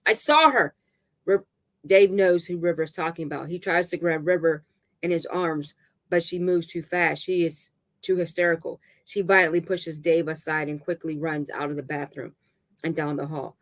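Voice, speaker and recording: Halting storyteller reading a novel. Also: mid-range voice, little pitch movement. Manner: halting reading with restarts and stumbles. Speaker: narrator.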